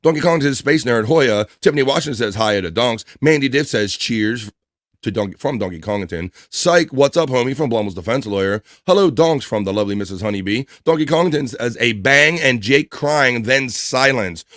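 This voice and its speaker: A man hosts a live stream in casual, profane banter, reading the chat aloud and hyping up his viewers. His voice sits mid-pitched, recorded dry and close. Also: animated, fairly quick, a bit bright, no room sound. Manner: loose, profane, hyped banter.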